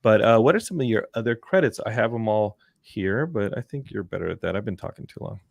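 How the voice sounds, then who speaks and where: A man's voice: fairly low pitch, expressive, quick pace, vocal fry, no room sound. A man hosting a podcast, casually chatting in a jokey, rambling way. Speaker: podcast host.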